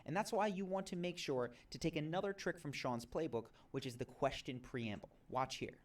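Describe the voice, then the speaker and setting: A man giving scripted narration in an instructional video, clear and instructive. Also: fairly high pitch, moderate pace, far from the mic, a little hiss or hum.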